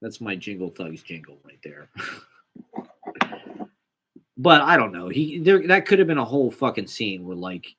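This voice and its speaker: A man's voice: mid-range voice, very animated, brisk, few pauses, background noise. A young man telling a casual, rambling, profane, self-deprecating story about a small acting job. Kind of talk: casual monologue.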